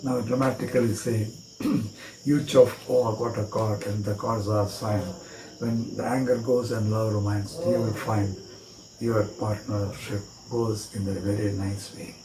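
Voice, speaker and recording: A man with an Indian English accent teaching a card trick step by step, spelling out words letter by letter and repeating phrases in a steady rhythm. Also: fairly low pitch, a little slow, noisy background. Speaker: magic teacher. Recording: echoey room with faint cricket chirps.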